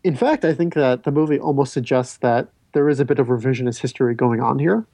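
A man hosts a casual film discussion podcast, rambling, interrupting himself, and stammering as he often restarts sentences. He talks fast in a warm, mid-range voice, with no room sound.

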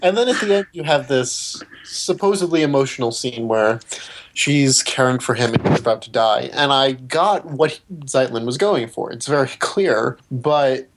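A man's voice: medium pitch, normal speed, a little hiss or hum, poor audio. A man co-hosting a film podcast, arguing his points bluntly with wry asides. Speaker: podcast co-host. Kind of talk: casual film critique.

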